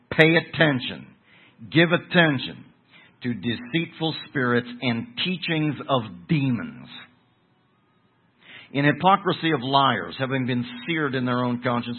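A man's voice: mid-range voice, slightly rough, phone-quality sound. A man preaching an expository Bible teaching. He works through the text methodically, explains the Greek words and lifts his voice for emphasis.

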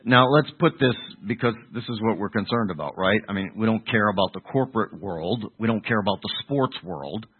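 A low-voiced man from preaches a sermon at an unhurried pace, circling back and restarting his thoughts. His voice is husky and slightly low. The sound is narrow and tinny, as if heard over a phone. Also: expressive. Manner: rambling, restarts, rhetorical questions to the congregation.

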